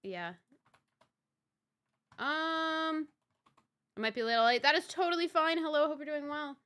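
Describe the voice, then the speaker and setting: A young woman games live on stream, her high, bright voice forceful yet unhurried. She keeps the chat casual, exclaiming and repeating herself, cursing when things break and naming chatters as she greets them.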